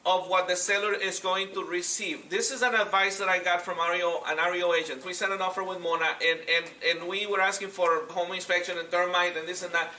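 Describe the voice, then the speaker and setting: A man's voice: high-pitched, flat delivery, brisk, hardly any pauses, pushed and bright, echoey room, recorded from a distance, slight background noise. A man teaching a real estate seminar, speaking directly and often repeating himself as he acts out calls with agents. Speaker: real estate and mortgage instructor.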